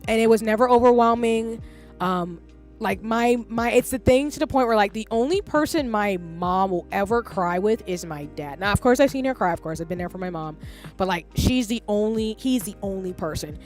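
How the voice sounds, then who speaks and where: A woman's voice: medium pitch, expressive, moderate pace, darkish tone, faint music behind. A woman in her thirties chatting casually on a livestream, rambling and candid and swearing freely. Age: 30s. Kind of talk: casual stream chat.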